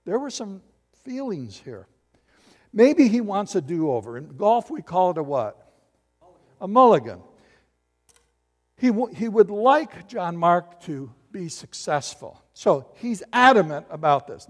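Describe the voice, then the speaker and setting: A man preaching a sermon as pastor, animated, acting out little voices and asking the congregation questions. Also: high voice, unhurried, long reverb tail.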